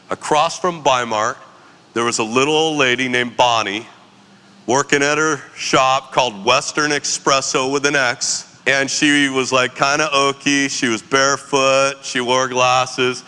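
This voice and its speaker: Brief: animated, slangy storyteller in his forties, bright voice, long reverb from the hall. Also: medium pitch, measured pace, smooth. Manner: animated, slangy, laughs often. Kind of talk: casual storytelling.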